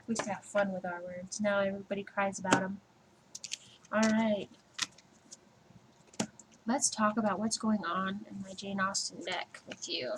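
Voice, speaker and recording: A woman's voice: medium pitch, heavy background noise. A woman giving a casual personal tarot reading, chatty and laughing, swearing freely and acting out little scenes. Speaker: tarot reader.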